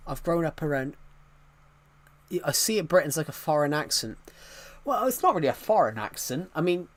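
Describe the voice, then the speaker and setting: A man's voice: a little high, lively intonation, moderate pace. A young British man in his twenties, live-streaming a football video game and chatting loosely, often restarting sentences and chuckling. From United Kingdom. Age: 20s. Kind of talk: casual live-stream chat while playing a football game.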